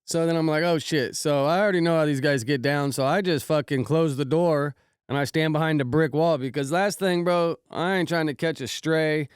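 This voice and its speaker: A man with a slightly high, smooth voice recounts a wild night in loose, slang-heavy, profane chatter. His voice is recorded close and dry. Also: moderate pace, no room sound. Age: adult, married with kids. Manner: slangy, profane, repeats "bro" often. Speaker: podcast host recounting an incident. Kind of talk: casual storytelling.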